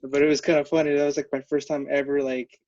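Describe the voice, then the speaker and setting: A man's voice: on the high side, little pitch movement, a little mellow. Hesitant man on a dull lo-fi recording. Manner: halting, filler-heavy storytelling with frequent laughs. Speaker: podcast co-host. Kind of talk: casual chat.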